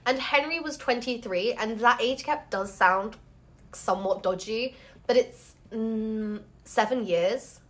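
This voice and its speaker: A woman's voice: on the high side, a little slow. A woman co-hosting a casual history podcast, chatty and full of fillers, often laughing as she talks. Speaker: podcast co-host.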